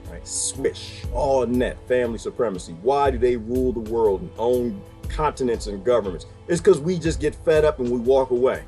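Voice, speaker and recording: A man's voice: mid-range voice, animated, normal speed, few pauses, dark tone, faint music behind. A man hosting his own video, talking in a rambling, wry casual monologue and laughing often. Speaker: video host.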